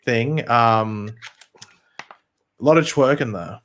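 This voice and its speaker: Australian man, australian accent, mid pitch, deadpan, live-stream co-host. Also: slow. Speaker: co-host of a fan show. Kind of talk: casual live-stream chat.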